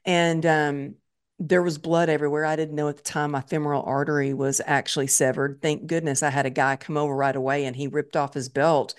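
A woman's voice: low-pitched, little pitch movement, fairly quick, smooth. A woman telling her personal story as a podcast guest, vividly retelling it and acting out her own past thoughts.

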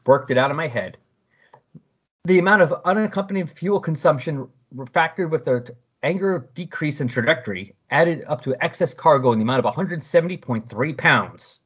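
A podcaster voicing a calm, precise male alien hero who speaks in a measured way, through a dull lo-fi recording. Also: medium pitch, husky. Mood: matter-of-fact. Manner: measured, matter-of-fact.

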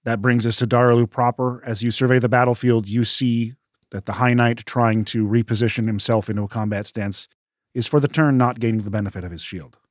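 A man running a tabletop game as game master, narrating the battle in a measured, descriptive way. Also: mid-range voice, fairly even intonation, no room sound, clean studio sound.

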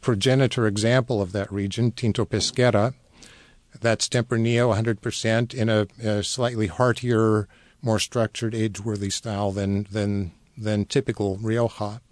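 A man guest on a radio show explaining wines in a knowledgeable, measured way with many fillers. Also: on the low side, flat delivery, no room sound. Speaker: wine importer guest. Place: radio studio.

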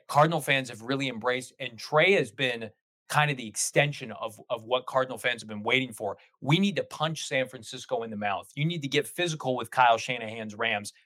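Animated man talking sports. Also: medium pitch, no room sound. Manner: animated, talks in long run-on stretches. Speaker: podcast guest, team show host. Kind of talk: casual sports chat.

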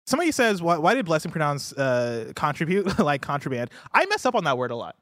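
Man from the US, upbeat podcast host, slightly high voice, dry close-miked sound, laughs easily. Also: very animated, fast, fairly bright tone, dry recording. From United States. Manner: upbeat, laughs easily, trips over words. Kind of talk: casual gaming news chat.

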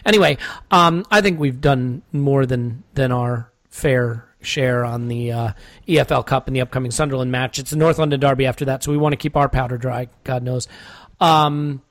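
A man's voice: mid-range voice, no room sound. A man hosting a casual football podcast, chatty and joking as he moderates the discussion. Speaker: podcast host. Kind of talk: casual chat.

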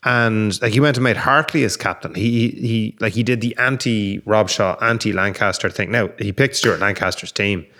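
Rambling man, lowish voice. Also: moderate pace, hardly any pauses, fairly bright tone. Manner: rambling, sweary, lots of fillers. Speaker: podcast co-host. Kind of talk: casual sports chat.

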